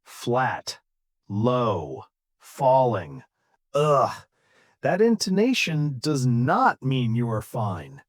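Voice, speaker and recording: A man co-hosting a podcast for English learners, explaining intonation slowly and clearly and acting out examples. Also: mid-range voice, huge pitch swings, no echo, clean studio sound. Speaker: English teacher, podcast co-host. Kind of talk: scripted English lesson.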